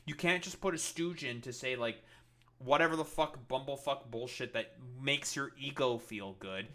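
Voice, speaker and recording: A man's voice: mid-range voice, moderate pace, sharp tone. A man doing reaction commentary, ranting in an exasperated, profane way. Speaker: political commentator streamer.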